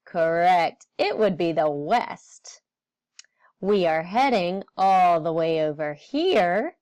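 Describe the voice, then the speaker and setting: Woman teacher, children's lesson, slow delivery, very animated pitch, quizzes the class as she goes. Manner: asks the class questions and confirms answers; lively, bright teacher voice. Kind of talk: virtual field trip lesson for children.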